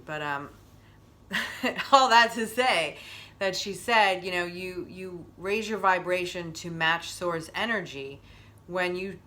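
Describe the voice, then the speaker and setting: A woman's voice: fairly low pitch, bright, forceful tone, a little hiss or hum. A middle-aged woman hosting a wellness stream in casual chat, rambling and openly emotional as she talks.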